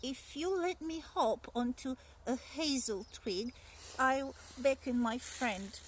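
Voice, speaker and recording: A woman's voice: high-pitched, slow, slight background noise, pitched above the performer's own voice. A woman voicing a small, clever male mouse from a storybook, speaking lightly and slyly. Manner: light, sly, coaxing.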